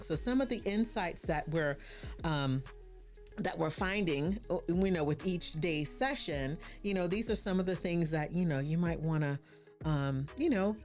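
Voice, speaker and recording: A woman hosting a live branding series, chatting casually with her viewers and often saying "you know" and "right?". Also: fairly low pitch. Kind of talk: casual live-stream teaching.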